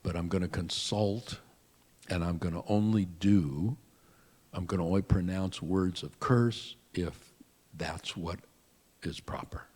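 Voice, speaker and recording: A man's voice: sits low, a little slow, a little mellow, breathy edge. A man voicing a reluctant male prophet who hesitates and stammers, in a sermon retelling. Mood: hesitant.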